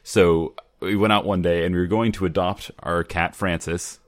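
A man co-hosting a casual podcast chat with quick, wry banter. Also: sits low, steady tone, dry recording. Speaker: podcast co-host.

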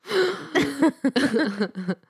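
A woman's voice: sits high, very animated, drawn-out words, gravelly, dry recording, clean studio sound. A woman co-hosting a casual chat about crossword puzzles, playful, laughing often and swearing casually. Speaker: podcast co-host.

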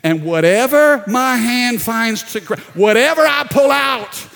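Animated Louisiana preacher in a reverberant hall. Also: male voice, extremely high pitch, a little slow, creaky. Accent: South Louisiana. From South Louisiana. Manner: animated storytelling, acting out voices, calling on the congregation. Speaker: pastor. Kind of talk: sermon. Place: church hall.

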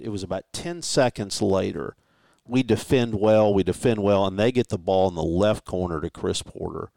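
A man's voice: sits low, clean tone, no echo. A man co-hosting a casual sports talk show, telling stories and correcting himself, with a habit of laughing. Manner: storytelling, self-correcting, laughs easily.

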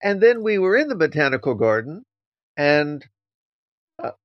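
A man who teaches Zen, co-hosting a casual podcast discussion and talking in an animated, playfully teasing way. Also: fairly high pitch, moderate pace, no room sound. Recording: dull, dry lo-fi sound.

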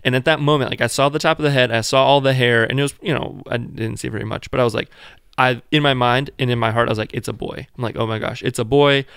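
A man's voice: medium pitch, fairly even intonation, fast talker, creaky, fairly bright tone, clean tone, dry recording, studio quality. A man casually telling the story of his child's birth, rambling and filling his talk with "like", joking along the way. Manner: rambling, full of "like", jokes around.

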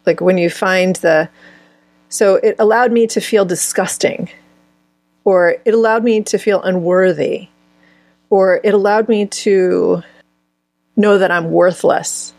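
A woman with a gravelly, slightly breathy voice talks as a guest healer in an interview. She feels her way through ideas, restarting phrases as she thinks. The sound is dry and close. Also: medium pitch, steady tone, slow, pauses often, a little mellow, no room sound. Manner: searching, restarts phrases mid-thought. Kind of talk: conversational interview answers.

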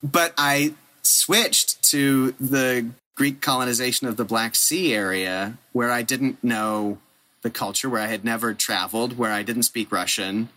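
A middle-aged man, a podcast guest telling an animated, self-deprecating story and laughing at himself. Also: mid-range voice, measured pace. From United States.

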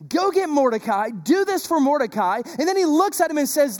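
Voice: high voice, sing-song, moderate pace, hardly any pauses, darkish tone. A pastor delivering a sermon, retelling a story with rhetorical questions.

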